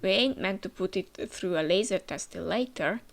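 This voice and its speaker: A woman's voice: mid-range voice, lively intonation, moderate pace, gravelly. A woman doing a drawling cowboy scientist. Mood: folksy. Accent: put-on cowboy drawl. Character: folksy male scientist drawling old-timey slang.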